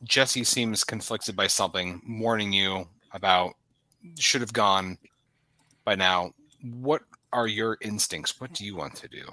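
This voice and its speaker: A man narrates a tabletop role-playing game as its game master, painting scenes in vivid detail. His voice is fairly low but bright and forceful. The sound is close and dry, with no room behind it. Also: unhurried, dry recording, poor audio. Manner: descriptive, evocative narration.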